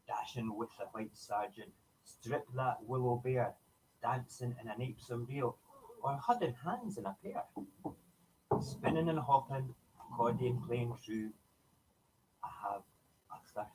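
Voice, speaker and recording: A man's voice: medium pitch, unhurried, pauses often, background noise, voice pushed up, lightly acted. A man voicing a jolly Scottish man at a ceilidh dance, reciting a rhyming poem in a put-on Scottish accent with a sing-song lilt. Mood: merry.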